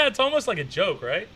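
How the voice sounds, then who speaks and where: A man hosting a stream, reacting to clips in a rambling, profane, excitable way. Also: high voice, husky. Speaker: streamer host. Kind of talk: casual reaction commentary.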